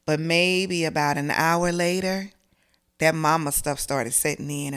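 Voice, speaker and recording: A woman's voice: low-pitched, fairly even intonation, measured pace, fairly bright tone, clear, resonant tone. A middle-aged woman, from South Carolina, telling a personal story as an interview guest in an emotional, earnest, conversational way.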